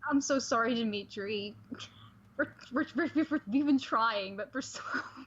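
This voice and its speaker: A woman's voice: fairly high pitch, a little slow, fairly bright tone, slightly rough. Chatty woman on a dull lo-fi mic. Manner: chatty, apologetic, giggly. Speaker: stream co-host. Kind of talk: casual stream chat.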